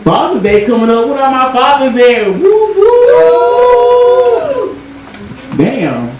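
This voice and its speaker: A man doing a profane, animated stand-up comedy set, laughing often as he tells stories to a live audience. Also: extremely high pitch, normal speed, faint music behind. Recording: echoey live room, distant mic, loud crowd.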